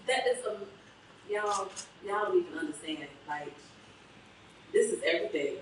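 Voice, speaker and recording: A woman's voice: medium pitch, normal speed, a little hiss or hum. Woman from Chicago's West Side, emotional and laughing, heard from afar in an echoey event hall. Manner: emotional and laughing, quotes herself often. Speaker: guest speaker. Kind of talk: heartfelt speech at a book reception. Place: event hall at a book reception. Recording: echoey hall, mic from a distance, faint ambience.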